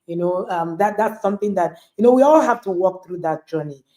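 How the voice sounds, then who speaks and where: A woman's voice: lowish voice, animated, brisk, mellow. A woman, a parenting coach hosting and speaking emphatically to listeners over a video call. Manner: emphatic, rhetorical questions. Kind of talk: motivational talk to listeners.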